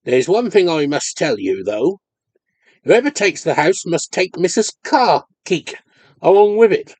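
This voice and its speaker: A man doing a slow, honest Cornish farmer. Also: fairly high pitch, big pitch swings, darkish tone, breathy edge, no room sound, full character voice. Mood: cautious. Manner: plain rustic dialect speech.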